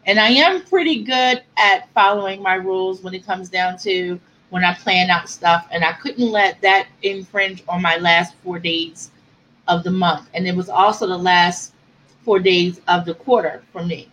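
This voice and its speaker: A woman's voice: fairly low pitch, unhurried, a bit bright, slight background noise, low-quality recording. A woman author chatting with her viewers on a livestream, answering comments and close to tears at times. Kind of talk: casual livestream chat.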